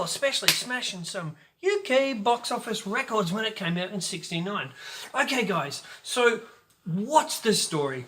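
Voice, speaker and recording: A man hosting a casual video film review, talking in an energetic, jokey and playful way. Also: sits high, measured pace, a little hiss or hum. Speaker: host of a film review channel.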